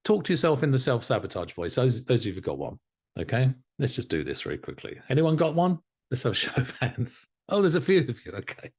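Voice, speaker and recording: A man teaching a live online hypnotherapy class, animated and encouraging, often laughing as he talks to students. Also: medium pitch, brisk, slightly rough. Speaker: hypnotherapy instructor.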